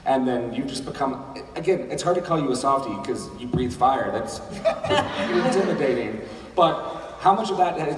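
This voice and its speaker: A man's voice: mid-range voice, slight background noise. A man in a convention audience asking a rambling, hesitant question. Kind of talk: casual fan question. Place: large convention hall. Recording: echoey hall from far off.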